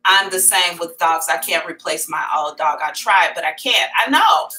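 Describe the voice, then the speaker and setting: A woman's voice: lowish voice, expressive, moderate pace, sharp tone, soft background music, poor audio. A middle-aged woman hosting a psychic livestream, chatting candidly and calling her viewers y'all. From America. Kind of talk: casual livestream chat.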